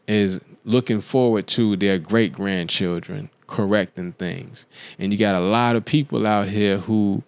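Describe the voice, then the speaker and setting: A man's voice: lowish voice, clear, resonant tone, no echo. A man hosting a show, talking through his views in a loose, casual monologue, often checking in with "you dig what I'm saying?". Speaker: podcast host.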